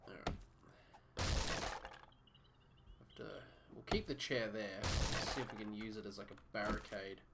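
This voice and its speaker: A man's voice: lowish voice, takes it slowly, long pauses, heavy background noise. A man casually narrating his live gameplay, muttering to himself, swearing and chatting to viewers. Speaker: game streamer.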